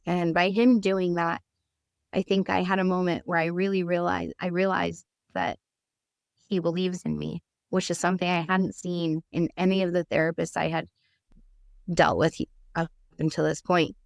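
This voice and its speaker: A woman with a somewhat low, smooth, clear voice shares her own life story as a podcast guest. She is earnest and open, and she vividly acts out the conversations she remembers. The sound is close and dry, with no room echo. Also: level tone, moderate pace. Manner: vivid storyteller who acts out quoted dialogue; earnest and candid. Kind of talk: personal storytelling.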